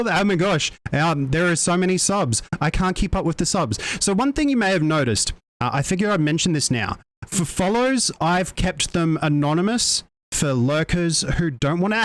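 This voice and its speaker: A young Australian man chatting excitedly on a live stream, giggling and tripping over his words. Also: fairly high pitch, moderate pace, no room sound. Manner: excitable, giggly, stammering restarts, mild faux swearing. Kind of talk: casual live-stream chat.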